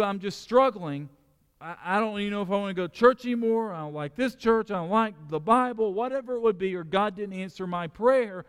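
A man preaching a sermon as pastor, animated, with quick restarts and acted-out quotes. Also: high voice, big-room sound. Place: church sanctuary.

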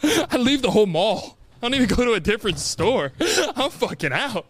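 A man's voice: high voice, fairly quick, a little hiss or hum. A young man co-hosting a podcast, telling a story in casual chat with lots of laughter and self-mockery. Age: young adult. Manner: animated storytelling, laughs often, self-mocking. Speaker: podcast co-host.

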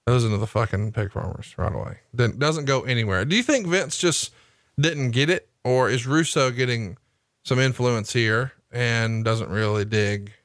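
A man's voice: mid-range voice, fairly bright tone, no room sound, studio quality. A man with a Southern US accent hosting a podcast, firing off profane questions in casual chat. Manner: profane, rapid-fire questioning. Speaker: podcast host.

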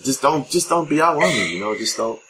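A man co-hosting a podcast in casual chat, talking in a relaxed, candid way with dry quips. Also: mid-range voice, brisk, slight background noise, poor audio. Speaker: podcast co-host.

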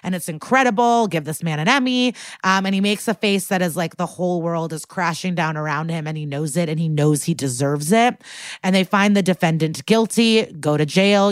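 A woman in casual podcast chat, recapping a story and jumping her pitch up when she acts out lines. Her voice sits a bit low for a woman. The sound is close and dry, with no room around it. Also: no room sound. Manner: animated, acts out quotes with pitch jumps. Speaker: podcast co-host.

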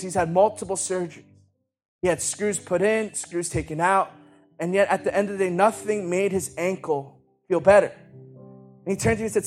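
A young man preaching, telling a personal testimony in a loose, animated, conversational way. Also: sits high. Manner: animated, conversational, full of "like" and acted quotes. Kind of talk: sermon storytelling.

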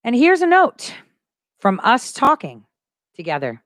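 Her slightly high, fairly bright voice swoops wildly in pitch while she keeps a measured pace, hosting a casual livestream. She is emphatic and convinced, repeating phrases for stress, and the clean studio audio has no echo.

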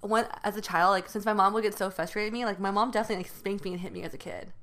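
A woman's voice: mid-range voice, expressive, a bit bright. A young woman co-hosting a podcast, telling childhood stories in casual chat with lots of fillers. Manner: fast storytelling with many fillers. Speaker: podcast co-host.

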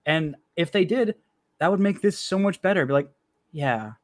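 A man's voice: high voice, fairly quick, no echo, clean studio sound. A young man hosting a podcast, chatting casually and self-deprecatingly about being a sports fan. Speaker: podcast host.

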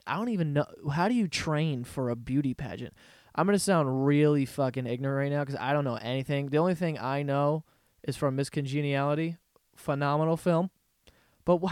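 A man's voice: fairly high pitch, clean tone, dry recording, clean studio sound. A man hosting a solo podcast, telling stories in a rambling, profane, laughing way. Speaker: podcast host. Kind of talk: casual solo podcast rant.

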